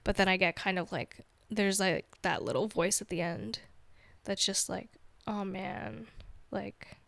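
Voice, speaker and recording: A woman's voice: medium pitch, moderate pace, creaky, a bit bright, no room sound. A young woman hosting a podcast, chatting candidly on her own in a rambling way, with "like" in almost every sentence. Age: young adult. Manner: rambling, heavy use of filler "like", candid and chatty. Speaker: podcast host. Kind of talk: casual solo chat.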